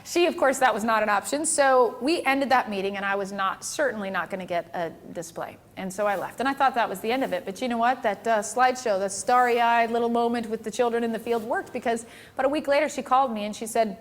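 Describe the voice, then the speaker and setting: A woman speaks to an audience, telling stories from her work as a photographer. Her voice sits a bit high, and she acts out the other people's lines with animation and laughs easily. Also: fast. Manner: lively, laughs often, acts out dialogue. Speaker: photographer giving a talk. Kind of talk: storytelling presentation to an audience.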